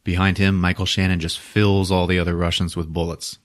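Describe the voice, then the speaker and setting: A man's voice: deep voice, fairly quick. A man hosting a podcast, recapping a movie casually with lots of swearing and 'like'. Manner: animated, profane, full of 'like'. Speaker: podcast host.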